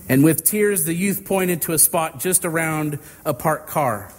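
Slow, deliberate preacher with long reverb. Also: male voice, a little high. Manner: slow, deliberate storytelling with drawn-out phrases. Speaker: pastor. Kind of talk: sermon with illustrative story.

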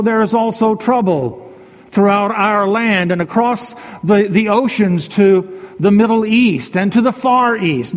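A man preaching a sermon as a pastor, measured and repetitive, leaning on slow emphatic phrases. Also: high voice. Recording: long hall reverb.

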